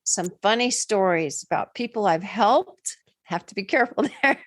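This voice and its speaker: A woman's voice: medium pitch, moderate pace, no echo. Older woman guest telling stories. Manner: warm, animated storyteller who laughs often. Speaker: interview guest, therapist and coach. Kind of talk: conversational interview storytelling.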